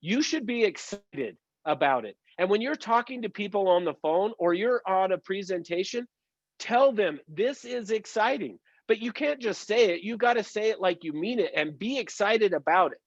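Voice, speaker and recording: An upbeat male sales trainer leads an online session in a high, emphatic voice. His coaching tone pushes listeners to practise and change. The sound is dry and close, with a slightly dull, lo-fi quality. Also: lively intonation, moderate pace, no echo. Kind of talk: motivational online training talk.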